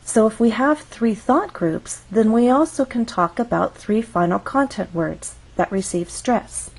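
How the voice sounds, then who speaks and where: A woman teaching English pronunciation, explaining intonation slowly and carefully and demonstrating patterns on example words. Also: a little high, lively intonation, creaky, husky, rough recording. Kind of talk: slow, careful instructional explanation.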